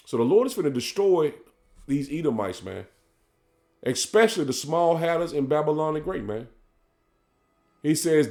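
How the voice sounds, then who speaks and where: A man preaching, tagging "man" onto his lines and reading scripture slowly and loudly. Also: medium pitch, lively intonation. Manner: fervent, says "man" after nearly every line; reads verses slowly and loudly. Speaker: street preacher.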